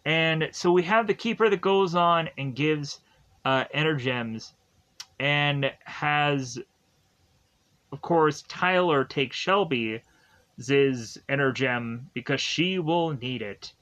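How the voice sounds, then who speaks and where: A man's voice: fairly high pitch, slow pace, fairly bright tone, highs cut off. A young man giving a casual, rambling episode recap, full of fillers, asides and jokes. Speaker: show reviewer.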